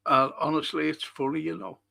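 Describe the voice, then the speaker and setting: A man's voice: fairly high pitch, fairly even intonation, a little fast, gravelly, sharp tone, no room sound. An older man who hosts a casual livestream, chatting and greeting viewers as he reacts to their comments. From Liverpool, England. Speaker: livestream host and historian.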